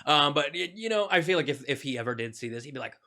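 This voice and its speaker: A man's voice: a little high, animated, quick pace, bright, forceful tone. A man streaming a game, talking in a casual, rambling way full of jokes and tangents. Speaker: gaming streamer. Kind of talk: casual gaming stream commentary.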